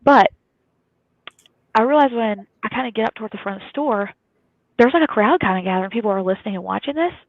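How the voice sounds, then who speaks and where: A woman from Kentucky, telling a story in a lively, chatty way as a guest on a live talk show. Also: on the high side, quick pace, pauses often, no echo. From Kentucky, USA. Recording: dry, phone-like thin audio.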